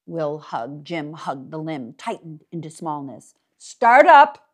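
A woman reading a novel aloud for a library reading series, with expressive, dramatic storytelling. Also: low-pitched, a little slow, slightly rough. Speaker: library reader.

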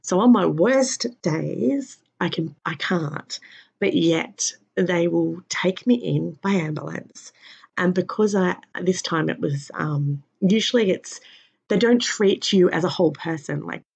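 A tired woman in pain, giving a halting personal health update with many pauses and fillers. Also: on the low side, creaky, a little mellow, breathy edge. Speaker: vlogger. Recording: dull lo-fi recording.

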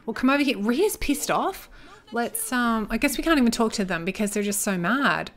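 A young woman chatting casually as she comments on her life-simulation gameplay, excitable and joking as she reacts. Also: on the high side, moderate pace. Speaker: gaming YouTuber.

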